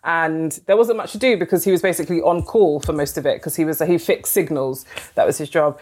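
A woman novelist from London, chatting as an interview guest, filling with "like" and acting out quoted dialogue. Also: a little fast. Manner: chatty, fills with "like", acts out quoted dialogue with lively pitch jumps. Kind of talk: casual storytelling interview.

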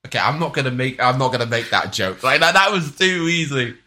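A man co-hosting a casual podcast, joking and swearing in an animated way. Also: mid-range voice, fairly quick. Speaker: podcast co-host. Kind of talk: casual chat.

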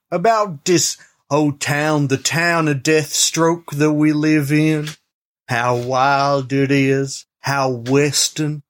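A man voicing a rambling old-west saloon owner in a slow, mock-formal drawl for a comedy bit. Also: fairly high pitch. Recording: noisy backup recorder.

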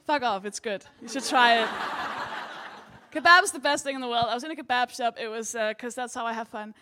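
A woman's voice: a little high, normal speed, bright, forceful tone. A woman co-hosting a comedy podcast, telling a stand-up story in a blunt, self-mocking way.

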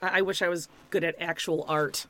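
A woman's voice: on the low side, steady tone, brisk, a bit bright. A woman co-hosting a casual podcast, keen and running the segments, steering the chat down the list. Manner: enthusiastic, runs the show's segments. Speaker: podcast co-host.

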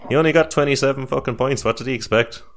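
A man's voice: medium pitch, fast. A young man hosting a casual podcast chat, teasing and swearing, often restarting his sentences. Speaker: podcast host.

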